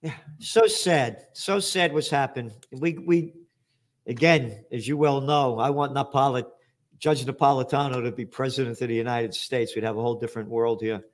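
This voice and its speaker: A man's voice: medium pitch, fairly even intonation, normal speed. Sarcastic, ranting male host. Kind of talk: political interview talk.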